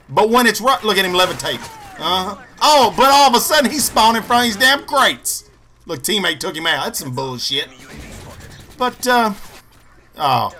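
Young male gaming host, angry sarcastic ranter, high-pitched, cutting tone. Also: bright, forceful tone. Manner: profane, ranting, sarcastic. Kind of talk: angry gameplay commentary.

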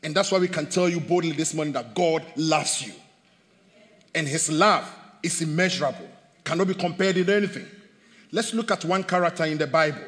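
A man preaching a sermon as pastor, animated, swinging between loud bursts and hushed asides. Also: fairly high pitch, a little fast, big-room sound. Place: church hall.

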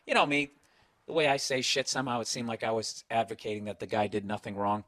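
A man's voice: on the low side, quick pace, a bit bright, no echo. A middle-aged man with a Boston accent, hosting a comedy podcast in a blunt, profane, rambling rant.

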